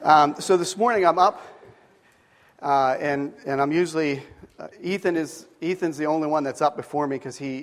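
A man's voice: fairly high pitch, long reverb tail. A middle-aged man preaching to a live audience, telling a story in a casual, rambling way with many restarts. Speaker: pastor. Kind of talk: sermon with storytelling. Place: speaking to a live audience at a Bible school.

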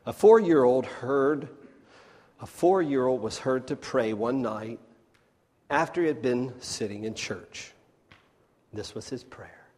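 A man preaching a sermon in a folksy way, swinging between loud emphatic bursts and hushed near-whispers. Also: mid-range voice, slow pace, long pauses. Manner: folksy, addresses the crowd as folks. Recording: long hall reverb.

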